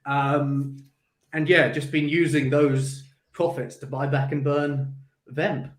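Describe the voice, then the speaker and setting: A man who runs a crypto company, speaking in a measured, cautious way on a livestream. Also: fairly high pitch, little pitch movement, roomy sound. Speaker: guest, company CEO. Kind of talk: casual crypto livestream chat.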